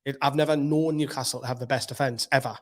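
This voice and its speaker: A Geordie man with a mid-pitched voice that is slightly hoarse from shouting. He talks to camera from a room at home as the host of a football fan channel. He is upbeat and rambling, and keeps it casual. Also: fairly even intonation, fast.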